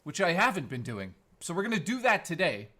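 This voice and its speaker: A man's voice: a little high, a little fast, soft background music. A man hosting a live stream, chatting casually with his viewers and trading crude, playful jokes with them. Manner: crude, joking banter with chat; animated, playful. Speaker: livestream host.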